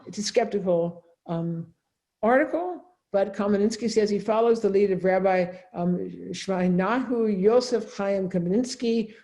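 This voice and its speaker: Mellow-voiced woman lecturing on ethics. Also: mid-range voice. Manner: conversational, often adds a questioning "right?". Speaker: professor of religion and ethics. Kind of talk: academic seminar lecture.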